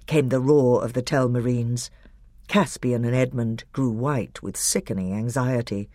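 A woman reading a storybook aloud as narrator, with expressive storytelling. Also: very deep voice, unhurried, no room sound, studio quality. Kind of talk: audiobook narration.

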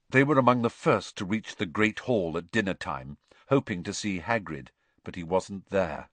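A man narrating an audiobook with expressive storytelling, voicing every character himself. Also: deep voice, moderate pace, no echo.

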